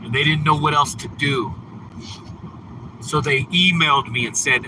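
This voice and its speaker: Man, slightly high voice, slow unhurried talk, teasing streamer, car noise behind. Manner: teasing, mocking viewers in chat. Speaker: livestreamer. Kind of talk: casual livestream chat. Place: in a car on a snowy road.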